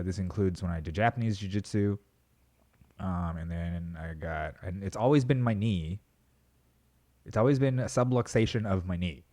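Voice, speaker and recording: A young adult man hosting his own podcast, talking in a rambling, self-mocking way and swearing casually. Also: on the low side. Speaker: podcast host. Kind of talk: casual solo podcast monologue.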